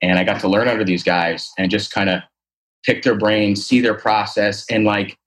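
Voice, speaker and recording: A man with a somewhat low voice talks through his therapy approach in a relaxed interview. He is earnest and rambling, full of fillers and restarts as he explains his thinking. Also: normal speed. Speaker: athletic trainer and posture therapist. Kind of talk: casual conversational interview.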